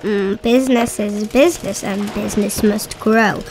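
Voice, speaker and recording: A woman's voice: mid-range voice, steady tone, measured pace, darkish tone, faint music behind. A woman reading a children's rhyming book aloud with a rhythmic, sing-song delivery. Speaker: storybook reader.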